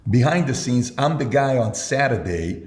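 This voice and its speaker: A man's voice: medium pitch, lively intonation, normal speed, darkish tone, reverberant. A man telling an emphatic sales story in conversation, acting out his own dialogue. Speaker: sales mentor guest.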